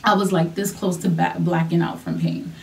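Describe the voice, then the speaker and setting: Young woman, casual vlog storytelling, chatty, many fillers, a bit low, recorded from a distance. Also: level tone, normal speed, gravelly, a little mellow, a little hiss or hum. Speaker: vlogger.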